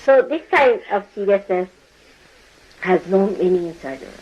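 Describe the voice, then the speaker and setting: A woman's voice: medium pitch, animated, moderate pace, slight background noise, rough recording. A woman spiritual teacher lecturing her followers, chiding them, laughing often and mimicking people as she talks. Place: indoor ashram gathering.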